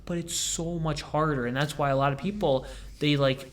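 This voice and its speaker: A young man hosting a casual podcast, rambling through stories and acting out quotes in high voices. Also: steady tone, normal speed. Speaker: podcast host.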